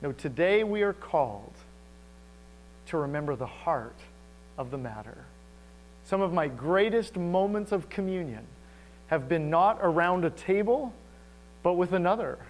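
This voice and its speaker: A man preaching a sermon as pastor, animated and asking the congregation rhetorical questions. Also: high voice, low-quality recording.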